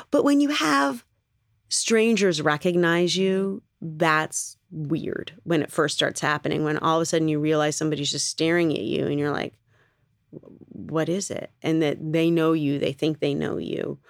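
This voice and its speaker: A low-voiced woman with a gravelly fry talks through an interview in a loose, rambling way. She laughs easily between thoughts. The sound is dry and close. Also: no echo. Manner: chatty and rambling, laughs often. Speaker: actress being interviewed. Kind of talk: casual interview answers.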